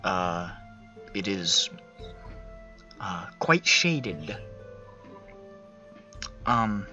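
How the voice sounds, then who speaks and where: A man runs a tabletop game over voice chat, narrating slowly with many pauses as he hunts for the right words. His voice is very bright and a bit high. The chat sound is dull and lo-fi, with faint music underneath. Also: very animated. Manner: halting, searching for words while describing scenes. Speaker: game master.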